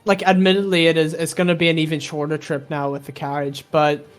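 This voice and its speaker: A man's voice: on the high side, flat delivery, fast, soft background music. Chatty jokey player, man. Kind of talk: casual tabletop game chat.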